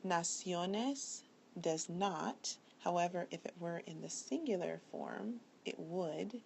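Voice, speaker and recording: Slow, gravelly woman teaching a lesson. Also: fairly low pitch, a little mellow, slight background noise. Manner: careful, deliberate dictation of words. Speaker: Spanish teacher. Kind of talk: slow recorded video lesson.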